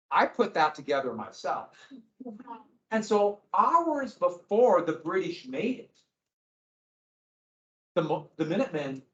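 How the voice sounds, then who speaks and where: Male teacher, lively lecture, roomy classroom sound, dull lo-fi audio. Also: fairly high pitch. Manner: animated, jumps between asides and acted quotes. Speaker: history teacher.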